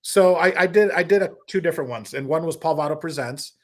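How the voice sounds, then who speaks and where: Animated storytelling comedian man. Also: fairly high pitch, fast talker. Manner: animated storyteller, slips into impressions. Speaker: guest actor and comedian. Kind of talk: casual interview storytelling.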